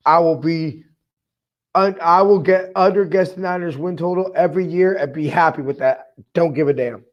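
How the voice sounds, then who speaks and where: Male podcast host, fan energy, hyped and heartfelt, a touch higher voice. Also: normal speed, lo-fi sound. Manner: excitable, hyped, emotional. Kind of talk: casual fan podcast commentary, reading viewer comments.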